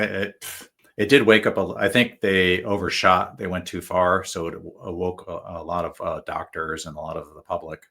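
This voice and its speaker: A man's voice: deep voice, bright, forceful tone, husky. A male guest telling stories in a casual, rambling way, full of fillers and restarts. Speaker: guest author. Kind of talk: casual storytelling.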